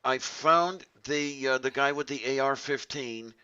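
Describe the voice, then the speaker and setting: Bright-voiced man hosting a casual stream. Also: medium pitch, measured pace, clear, resonant tone. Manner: rambling, jokey, playfully mangles grammar. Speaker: stream host. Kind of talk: casual live-stream chat. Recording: dull lo-fi stream audio.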